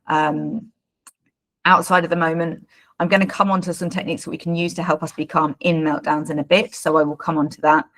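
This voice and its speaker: A woman's voice: fairly low pitch, fairly bright tone. A woman leads a live parenting workshop as a coach, talking in a chatty, informal way with many fillers and repeated words. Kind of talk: live online workshop talk.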